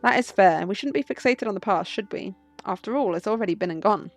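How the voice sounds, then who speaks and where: Woman reading as a courteous male fox gentleman. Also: medium pitch, animated, quick pace, faint music behind, close to an everyday voice. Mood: polite. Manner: courteous, polished formal speech.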